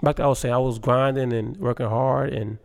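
Guy comedian chatting in an interview, gravelly voice, laughs a lot, says like a ton. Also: mid-range voice, a little fast. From Baltimore. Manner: animated, laughs often, lots of fillers. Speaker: guest comedian. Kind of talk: casual storytelling interview.

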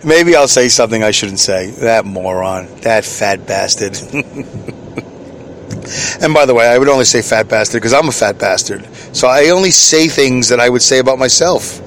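A man's voice: medium pitch, lively intonation, normal speed, fairly bright tone, slight background noise. Rambling middle-aged man talking in his vehicle. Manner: self-deprecating, chuckling, answers his own questions. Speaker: podcast host. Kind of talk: rambling solo podcast monologue.

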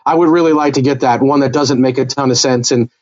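A man's voice: medium pitch, fairly even intonation, quick pace, darkish tone, dull audio. A man co-hosting a casual TV recap podcast, talking things through in a thoughtful, analytical way. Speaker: podcast co-host.

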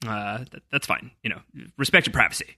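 A man hosting a podcast in casual, animated chat with many fillers. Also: lowish voice, fairly quick, no echo, clean studio sound. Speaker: podcast host.

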